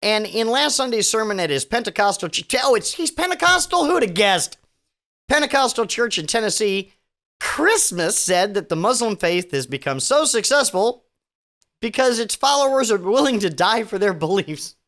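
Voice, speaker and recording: A man's voice: high voice, big pitch swings, normal speed, a bit bright. A sarcastic man hosts his own solo news podcast. His voice swoops up and down as he reads out items and jeers at them. He swears freely and trips over his words, restarting his sentences. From Virginia. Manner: sarcastic, profane, stammering restarts. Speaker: podcast host.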